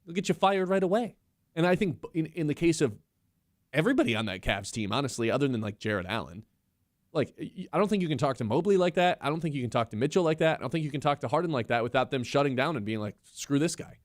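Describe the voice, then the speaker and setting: A man's voice: on the high side, big pitch swings, fast, no echo, studio quality. A man co-hosting a sports radio show, making emphatic points in a casual, opinionated way. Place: radio studio.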